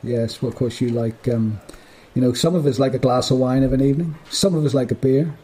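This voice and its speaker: A man's voice: medium pitch, fairly even intonation, fairly quick, dark tone. A man co-hosting a podcast in casual chat, talking in a chatty way and laughing easily. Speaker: podcast co-host.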